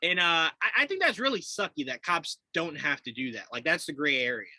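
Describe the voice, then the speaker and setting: A man co-hosting a podcast in casual chat, animated and laughing often as he acts out quotes. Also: fairly high pitch, fairly quick, no room sound, low-quality recording. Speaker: podcast co-host.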